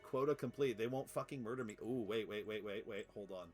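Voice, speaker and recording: A man streaming a factory game live, excitable and swearing, laughing often and cooing at his cat. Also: lowish voice, brisk, music in the background. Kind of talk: live gameplay commentary.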